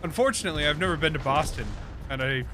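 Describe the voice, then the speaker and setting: A man's voice: a little high, fast talker, background noise. A young man with a Midwestern accent, chatting sarcastically and rambling while streaming a game. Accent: Midwestern American. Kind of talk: casual gaming stream chat.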